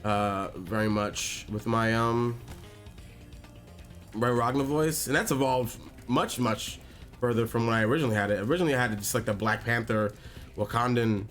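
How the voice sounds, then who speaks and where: Casual stream host, man, mid-pitched, stop-start delivery with repeats, faint game music underneath. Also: steady tone, fairly bright tone. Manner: halting, repeats words, laughs often. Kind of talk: casual chat while playing a game.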